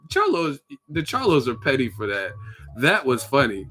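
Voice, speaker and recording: A man's voice: mid-range voice, big pitch swings, moderate pace, fairly bright tone, faint music behind. A man from the Bay Area hosting his own channel, giving a casual, joking, profane rant that is full of acted-out quotes. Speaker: boxing commentary channel host.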